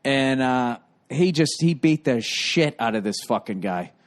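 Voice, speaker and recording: A man's voice: mid-range voice, lively intonation, measured pace. A man hosting a podcast, telling stories in a casual comedic monologue, with profane, rambling delivery. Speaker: podcast host.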